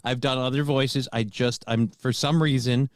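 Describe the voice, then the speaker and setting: A man's voice: mid-range voice, fairly even intonation, moderate pace, dry recording, clean studio sound. Self-deprecating man with a mid-range voice. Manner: self-deprecating, reluctant, swears casually. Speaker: morning show co-host. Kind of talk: casual banter show.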